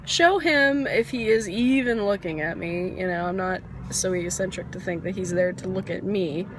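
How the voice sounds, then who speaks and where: Over a noisy background, a woman with a lowish voice talks at normal speed. She's a vlogger telling a rambling, candid story about herself, chuckling at her own expense. Now and then she coughs, still recovering from a cold.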